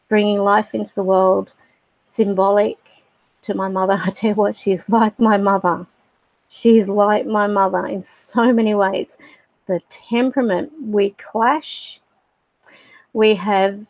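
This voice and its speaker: A middle-aged woman telling a personal story on a livestream, halting and reflective with many fillers. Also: medium pitch, a little mellow, dry recording, low-quality recording. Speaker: spiritual livestream host.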